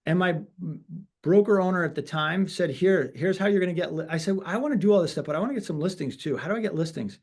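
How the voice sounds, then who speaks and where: This is a man in his forties, a real estate broker who guests on a webinar. His voice sits high for a man. He tells his stories with energy and acts out each exchange he quotes. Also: quick pace. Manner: animated storyteller acting out quoted dialogue. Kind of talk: webinar interview storytelling.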